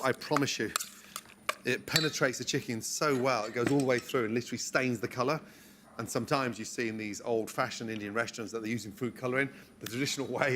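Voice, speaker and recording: A man demonstrating a recipe step by step in a relaxed, encouraging way, as on a cooking show. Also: medium pitch, fast talker, background noise. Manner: relaxed, encouraging, talks through each step.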